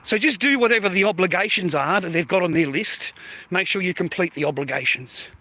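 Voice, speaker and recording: A man's voice: high-pitched, brisk, sharp tone. Sweary Australian man streaming outdoors. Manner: blunt, sweary, keeps adding mate and bro. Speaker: livestreamer. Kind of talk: casual live stream monologue. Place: outdoors near neighbourhood shops.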